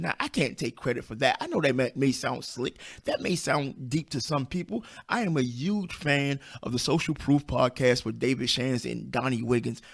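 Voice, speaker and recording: A man in his fifties with a squeaky voice, hosting a podcast as a self-publishing coach and speaking off the cuff in a blunt, emphatic way, repeating his key points. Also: gravelly, breathy edge. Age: 50s. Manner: blunt and down-to-earth. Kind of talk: unscripted motivational podcast monologue.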